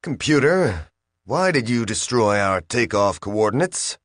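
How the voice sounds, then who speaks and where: A man's voice: on the low side, sing-song, unhurried, dry recording, clean studio sound. A man voicing a hot-tempered male starship captain who snaps while trying to hold his temper. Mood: strained. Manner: snapping, barely controlling his temper.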